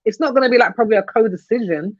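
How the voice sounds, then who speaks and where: A woman's voice: fairly high pitch, racing, darkish tone, no room sound. A young woman chatting on a podcast panel, telling stories and laughing often. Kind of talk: casual panel chat. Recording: dull lo-fi podcast audio.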